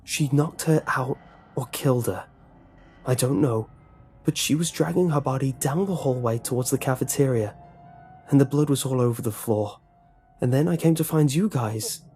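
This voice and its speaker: A man voicing a frightened teenage boy who speaks breathlessly in a hushed voice. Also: medium pitch, moderate pace, soft background music, pitched above the performer's own voice, lightly acted. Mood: scared. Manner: whispered, breathless.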